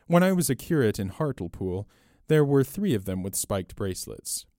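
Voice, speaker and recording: A man reading aloud and voicing a small, mild older priest with a gentle, apologetic, quietly shrewd manner. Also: fairly low pitch, sing-song, normal speed, dry recording, studio quality.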